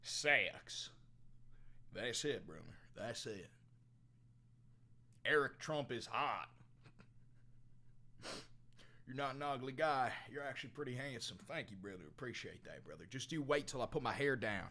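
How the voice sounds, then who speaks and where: A young man plays a brash, foul-mouthed livestreamer who calls everyone brother. The voice is bright and pushy, and it swerves between low mumbling and loud outbursts in a comedy sketch. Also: expressive, normal speed. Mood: swaggering. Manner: swaggering, profane, swings from mumbling to shouting.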